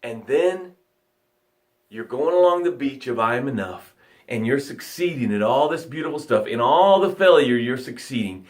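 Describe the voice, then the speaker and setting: A man coaching on a live motivational broadcast, telling vivid stories with repeated phrases, and swinging from loud outbursts to hushed words. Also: mid-range voice, expressive, normal speed.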